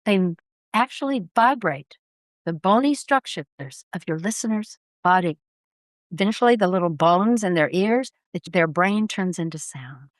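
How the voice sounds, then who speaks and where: A woman voice coach speaking in a podcast interview, with an expressive, emphatic teaching delivery. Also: on the low side, a little slow, no room sound. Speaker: voice coach guest.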